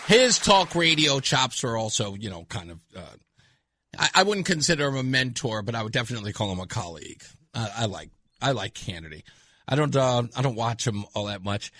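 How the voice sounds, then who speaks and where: A man hosting a talk radio show, telling stories in an excitable way with quick restarts. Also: medium pitch, no echo. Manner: excitable, fast storytelling with frequent restarts. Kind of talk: animated talk radio chat.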